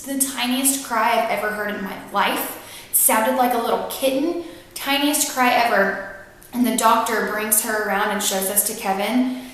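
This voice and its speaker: A young woman tells a personal story straight to the camera, earnest and emotional, with plenty of fillers and restarts. Her voice is mid-pitched, and the recording rings with heavy room echo. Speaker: vlogger. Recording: very echoey room.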